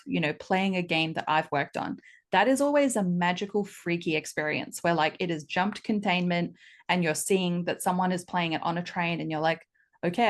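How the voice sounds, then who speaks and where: A woman, a game studio co-founder, chatting in an interview and telling stories with lively acted-out quotes. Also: on the low side. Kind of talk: casual interview chat.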